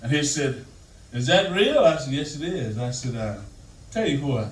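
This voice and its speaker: An older comedian rambles through loose stories for a live crowd in a stand-up set, his delivery Southern-flavored and storytelling. His mid-range voice swings widely in pitch at a moderate pace, and the distant mic catches plenty of room echo.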